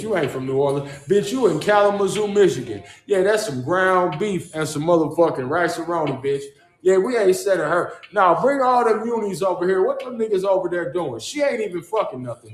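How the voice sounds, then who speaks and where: Livestream host, man, fairly high voice, loose rambling street-slang delivery, echoey room on a phone mic. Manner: rambling, repeats "Charles" and "chosen one" as a refrain; profane, slangy street talk. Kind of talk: casual livestream monologue.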